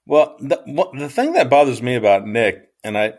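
A man co-hosting a podcast at a middle pitch, recapping a TV season in loose, rambling chat. He stops often to search for words. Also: very animated, normal speed, darkish tone. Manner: rambling, hesitant, full of ums. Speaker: podcast co-host.

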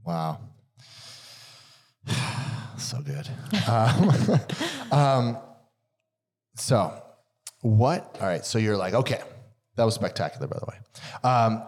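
Enthusiastic man with a low voice. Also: animated, measured pace, pauses often, darkish tone. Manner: enthusiastic, rambling. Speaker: podcast host. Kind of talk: casual podcast interview.

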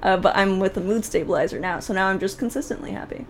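Woman co-host, wry and deadpan, faint background noise. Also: mid-range voice, fast. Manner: wry, deadpan humor, laughs often. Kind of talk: casual chat, storytelling.

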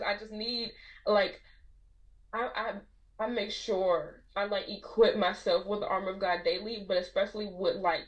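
A young woman in a relaxed interview, speaking earnestly about her faith. Her voice sits in a middle pitch and she threads her sentences with casual fillers. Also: rough recording. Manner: earnest, heartfelt, frequent "like" fillers. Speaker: guest. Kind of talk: testimony in a casual podcast conversation.

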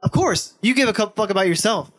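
A man's voice: high-pitched, expressive, quick pace. A young man in casual chat on a podcast, blunt and pushy, swearing freely as he argues his point. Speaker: podcast guest, host's best friend.

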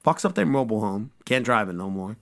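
A man hosting a podcast, giving a casual, profane and joking recap of an episode as an animated storyteller. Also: fairly low pitch, fast, creaky. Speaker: podcast host.

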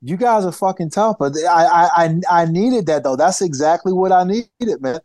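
A man telling stories in a casual interview, animated and full of restarts, acting out the people he quotes. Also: sits high, normal speed, no echo. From United States. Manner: animated storyteller, acts out quoted voices, restarts often. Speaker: podcast guest, former fighter.

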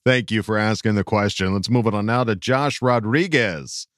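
A man's voice: fairly low pitch, moderate pace, no echo, clean studio sound. A man hosting a casual sports podcast, reading out listener questions and laughing often.

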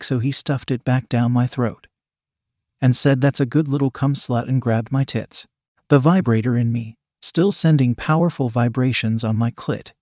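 A man's voice: mid-range voice, darkish tone, no echo, clean studio sound. A man steadily reading a first-person erotic story aloud. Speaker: narrator.

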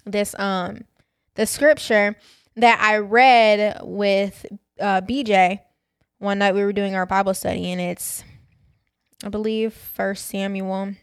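Slow and flat in delivery, a woman with a clear, resonant mid-range voice hosts a faith podcast. Candid and chatty, she recounts a personal story and addresses her listeners directly as "y'all."

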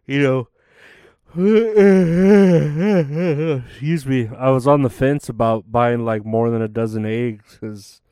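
A man's voice: medium pitch, little pitch movement, normal speed, hardly any pauses, a little mellow, clean tone, dry recording. A young man rambling casually to camera, tired and yawning, full of fillers and restarts. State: sleepy, yawning. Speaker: vlogger.

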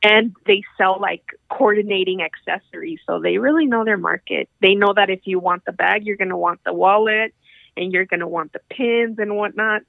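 A chatty woman co-hosts a podcast in lively casual talk, swearing now and then. Her voice has a gravelly fry and comes through a thin phone-like line with no room sound. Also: medium pitch, moderate pace, no echo. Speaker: podcast co-host. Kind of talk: casual chat. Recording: tinny phone-like call audio.

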